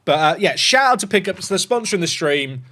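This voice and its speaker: A man chatting casually on a gaming livestream, excitable and rambling. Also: high-pitched, a little fast.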